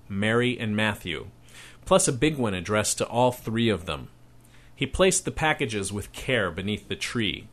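A man reading his own story aloud in a steady, measured narration. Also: lowish voice. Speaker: narrator and author.

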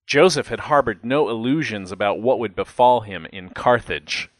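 A man's voice: medium pitch, moderate pace, dry recording. A man reading a first-person memoir aloud with a wry, reflective manner. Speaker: narrator. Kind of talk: first-person audiobook narration.

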